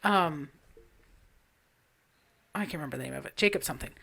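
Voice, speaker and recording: A woman's voice: low-pitched, brisk, creaky. Chatty woman telling a story. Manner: animated storytelling, frequent swearing. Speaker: podcast co-host. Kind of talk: casual chat.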